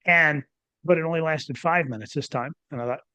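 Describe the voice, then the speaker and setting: A man in his fifties or older, a former doctor hosting a podcast, telling a personal story in a rambling, animated way with many restarts. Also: on the high side, a little fast, clean tone, dry recording. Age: 50s or older. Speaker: podcast host, former physician. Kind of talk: casual interview storytelling.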